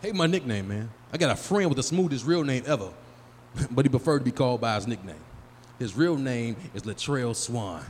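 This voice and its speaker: A man in his 40s performs live stand-up in a small venue, his mid-range voice animated at a normal speed as he bantering loosely and profanely with the crowd. The live room carries long reverb and faint noise.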